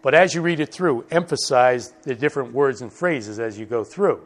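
A man's voice: medium pitch, expressive. Emphatic male Bible teacher. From United States. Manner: slow, emphatic, repeats key words. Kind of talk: recorded Bible study lesson.

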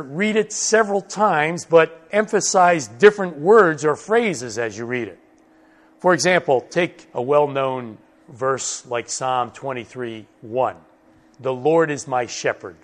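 A man teaching a Bible study lesson, slow and emphatic, repeating key words for stress. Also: fairly high pitch. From United States.

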